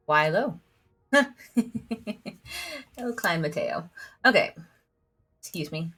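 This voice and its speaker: Lower-pitched, bright woman gamer reading story dialogue, giggly and self-mocking. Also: expressive, takes it slowly, long pauses, husky, soft background music. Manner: giggly, self-deprecating, reads dialogue aloud. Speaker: gamer reading all the game's characters. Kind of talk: let's play commentary.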